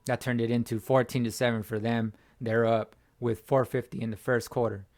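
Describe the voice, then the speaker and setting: A man hosting his own fan channel, hoarse from screaming, giving a slangy sports reaction chat as if talking to a buddy. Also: medium pitch, little pitch movement, moderate pace, darkish tone. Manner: slangy, talks like chatting with a buddy. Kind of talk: casual sports reaction talk.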